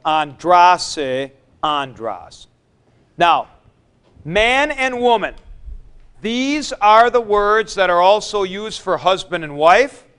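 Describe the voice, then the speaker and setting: A man's voice: fairly high pitch, a bit bright, smooth. A man teaching a Greek grammar class, explaining patiently, repeating his points and reciting word forms. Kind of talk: classroom lecture.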